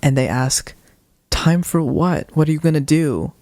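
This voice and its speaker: A young man on a podcast, retelling a ghost-hunting video with animated quoted voices in casual storytelling. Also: a little high, measured pace, no room sound. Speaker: podcast co-host.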